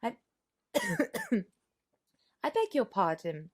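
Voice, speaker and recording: A woman voicing an earnest, impatient young gentleman who presses his questions insistently. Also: mid-range voice, huge pitch swings, slow pace, heavily acted.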